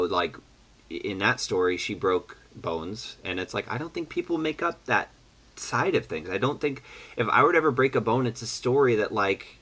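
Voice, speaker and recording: Bright-voiced chatty man, lowish pitch. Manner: animated, chatty, lots of fillers and restarts. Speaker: podcast host. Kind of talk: casual chat, guessing game.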